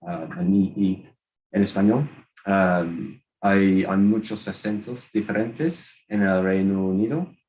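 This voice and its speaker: Deep-voiced British man, hesitant. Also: measured pace, a little mellow, poor audio. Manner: hesitant, many ums and restarts. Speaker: guest speaker at a language exchange. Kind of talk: casual panel answer, switching to Spanish.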